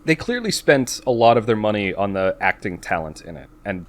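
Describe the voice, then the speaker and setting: A man co-hosting a podcast, talking casually in a rambling, self-interrupting way with quick laughs. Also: lowish voice, very animated. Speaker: podcast co-host. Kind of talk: casual chat.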